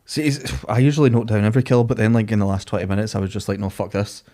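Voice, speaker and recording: A man's voice: lowish voice, racing, mellow. A man co-hosting a podcast, running a casual true-or-false quiz and swearing offhandedly. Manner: reads out trivia, swears casually. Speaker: podcast co-host.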